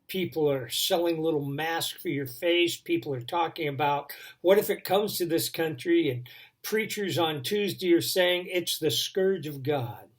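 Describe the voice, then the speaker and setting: A man telling a dramatic devotional story, building tension and then dropping to a hush. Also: on the high side, a little slow. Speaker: devotion speaker.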